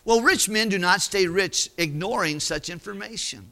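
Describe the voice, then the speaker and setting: A man's voice: high voice, moderate pace, pushed and bright. A man preaching, retelling a parable in a folksy, conversational way and acting out the characters. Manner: folksy, conversational, acts out voices. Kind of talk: sermon storytelling.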